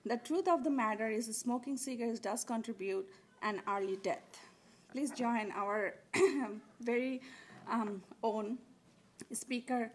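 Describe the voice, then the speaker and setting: A woman's voice: fairly high pitch, takes it slowly. A woman introducing speakers at a community event, a little hesitant as she reads. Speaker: event coordinator, presenter.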